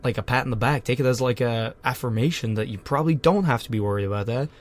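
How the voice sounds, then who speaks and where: A man's voice: mid-range voice, fast talker. A young man co-hosting a podcast in casual chat, joking and swearing as he hands out blunt advice. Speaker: podcast co-host.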